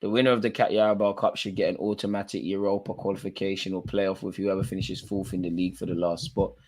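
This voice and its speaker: A man's voice: low-pitched, level tone, fast talker, darkish tone. A man hosting a live football watchalong, calling out players by name and bantering in casual slang. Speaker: watchalong host.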